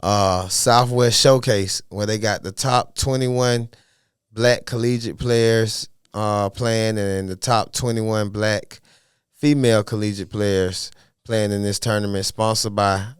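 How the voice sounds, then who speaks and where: A man talking as a podcast guest in a casual interview, animated and full of streetwise slang. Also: lowish voice, slow, clear, resonant tone, no room sound, studio quality. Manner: animated, streetwise slang, asks "you know what I mean". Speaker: podcast guest, golf caddie.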